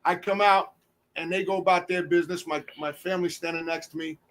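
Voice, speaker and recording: A man's voice: high voice, brisk. A man on a podcast telling a long, profane story in casual chat, acting out what people said. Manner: animated, profane, acts out quotes.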